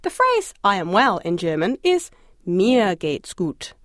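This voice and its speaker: A woman narrating a scripted audio language lesson, encouraging and lightly humorous, asking the listener to answer out loud. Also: medium pitch, very animated, unhurried, no echo, clean studio sound. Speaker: language course instructor.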